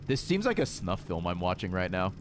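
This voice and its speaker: A man's voice: low voice, very animated, fairly quick, slight background noise. A male streamer giving profane, jumpy commentary while playing a horror game, yelping when startled. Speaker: gaming streamer. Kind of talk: reactive gameplay commentary. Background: horror game music and sounds.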